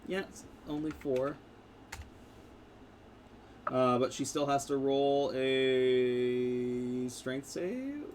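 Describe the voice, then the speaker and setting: A man narrating a tabletop game as game master, in a casual, halting way with fillers. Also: medium pitch, a little hiss or hum.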